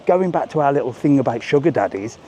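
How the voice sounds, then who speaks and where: A man's voice: mid-range voice, lively intonation, fast, mellow. Man, jokey live walk-and-talk vlogger, faint street noise behind. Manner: chatty, jokey, swears casually. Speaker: vlogger live-streaming a walking tour. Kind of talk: casual live walking commentary. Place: outdoors on a busy resort seafront. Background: faint street and traffic noise.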